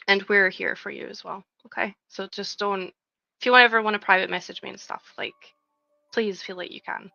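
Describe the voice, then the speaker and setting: A woman's voice: medium pitch, fairly even intonation, moderate pace, creaky, pushed and bright, no echo, highs cut off, faint music behind. A woman in her thirties chatting casually on a live stream, reading viewers' messages aloud and talking with lots of "like". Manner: chatty, reads chat aloud, frequent "like". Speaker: livestreaming LEGO builder.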